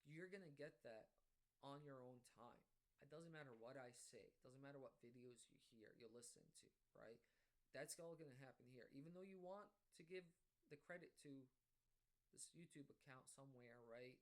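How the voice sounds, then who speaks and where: A man's voice: medium pitch, moderate pace. A man vlogging at home in a casual, rambling monologue to camera, reflective and reassuring, with many fillers and restarts. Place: at home indoors.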